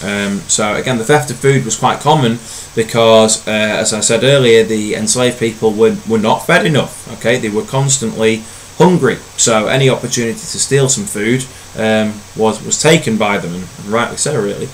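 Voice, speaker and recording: Low-voiced male teacher, chatty. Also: moderate pace, few pauses, a little hiss or hum, rough recording. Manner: relaxed, conversational, many ums and uhs. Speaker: history teacher. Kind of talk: recorded history lesson.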